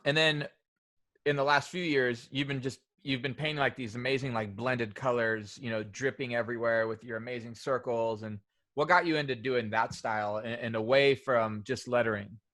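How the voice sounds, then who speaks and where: A man's voice: mid-range voice, fairly even intonation, normal speed, fairly bright tone. A man hosting a casual podcast interview, asking loose questions, swearing freely and reacting with short replies. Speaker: podcast host.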